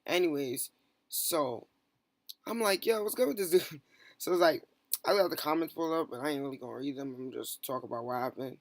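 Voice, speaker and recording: A young man telling a long, rambling storytime about an online feud. He keeps restarting and slips into quick quoted bursts of what others said. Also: fairly high pitch, a little hiss or hum. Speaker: stream moderator. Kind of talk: casual storytime rant.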